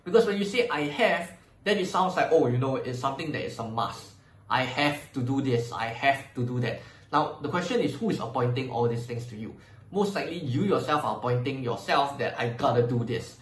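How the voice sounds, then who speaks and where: Man, podcast host, motivational self-help talk, conversational, acts out his inner voice, mid-pitched, echoey room.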